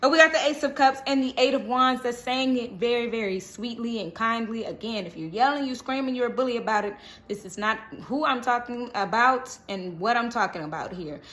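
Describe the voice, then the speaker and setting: A woman's voice: on the high side, fairly quick. A woman doing a casual tarot reading, chatty and rambling, laughing often and breaking into bits of song. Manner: lively, rambling and self-correcting. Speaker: tarot horoscope reader.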